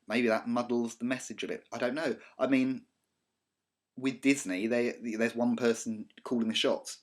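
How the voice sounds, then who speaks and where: A man's voice: medium pitch, steady tone, moderate pace. A man with a southern English accent, a college media teacher talking over slides in a recorded lecture, chatty and digressive with many ums and restarts. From Britain. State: slight cough.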